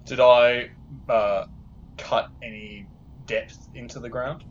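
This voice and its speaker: A man's voice: medium pitch, steady tone, slow, slight background noise. A man playing a tabletop game, stating his moves hesitantly as he thinks them through. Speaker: player. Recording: dull lo-fi audio.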